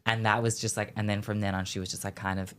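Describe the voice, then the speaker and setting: A man's voice: on the low side, level tone, quick pace, a little hiss or hum. A young man from Perth, Australia, chatting casually as a podcast guest and rambling with a filler "like" in nearly every phrase. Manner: rambling, filler-heavy with constant "like". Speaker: guest, fashion designer. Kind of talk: casual chat.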